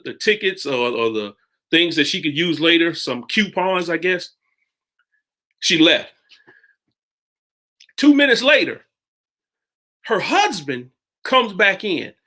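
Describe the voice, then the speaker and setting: Lively, bright-voiced preacher telling a story. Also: male voice. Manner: halting, with many restarts and sudden pitch jumps. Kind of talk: sermon storytelling.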